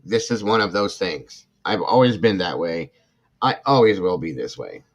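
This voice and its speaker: A man's voice: deep voice, lively intonation, normal speed. A middle-aged man hosting a true crime livestream, ranting with indignant passion, reading comments from chat and apologizing between outbursts. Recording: dull lo-fi sound.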